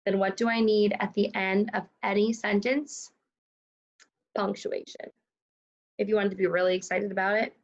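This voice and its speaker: A woman teaching a recorded second grade phonics lesson, enunciating sounds slowly and clearly, praising and prompting her pupils. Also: medium pitch, animated, highs cut off. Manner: slow, clearly enunciated, encouraging teacher talk.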